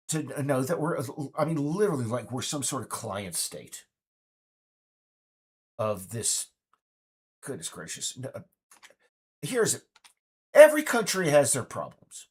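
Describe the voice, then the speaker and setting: A game developer vlogger in his fifties rambles indignantly and casually, restarting his thoughts again and again. His husky mid-range voice swings widely in pitch, moving at a moderate pace with frequent pauses.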